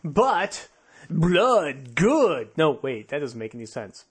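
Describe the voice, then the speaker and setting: A man's voice: a little high, sing-song, slow, slightly rough. A man co-hosting a podcast, bantering casually and laughing often between jokes. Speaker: podcast co-host.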